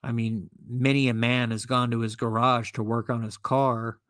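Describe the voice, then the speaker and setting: A man's voice: mid-range voice, level tone, normal speed, fairly bright tone, no echo, clean studio sound. A man hosting a podcast and ranting alone, sarcastic, profane and indignant as he reads from and mocks an article. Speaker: podcast host. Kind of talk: solo commentary rant.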